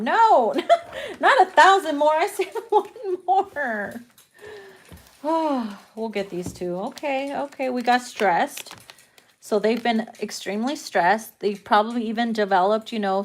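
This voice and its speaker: Slow-talking brash tarot-reading woman. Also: on the high side, a little hiss or hum. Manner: brash, profane and laughing a lot. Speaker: tarot reader.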